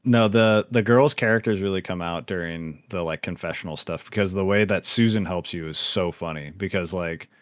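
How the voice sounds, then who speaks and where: A man's voice: sits low, normal speed, hardly any pauses, dry recording, clean studio sound. A man hosting a podcast in casual chat, rambling with many fillers and restarts and laughing as he retells scenes. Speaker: podcast host.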